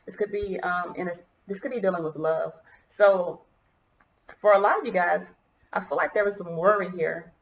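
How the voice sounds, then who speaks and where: A woman's voice: fairly low pitch, moderate pace, echoey room, a little hiss or hum, low-quality recording. A woman giving a casual tarot reading to her viewers, musing and hesitant as she thinks aloud, choked up and coughing at times. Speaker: tarot reader.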